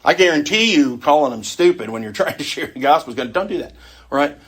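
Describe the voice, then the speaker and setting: A man's voice: fairly high pitch, expressive, fast, husky. A middle-aged man teaching an adult Sunday school class in a conversational way, often putting questions to the group.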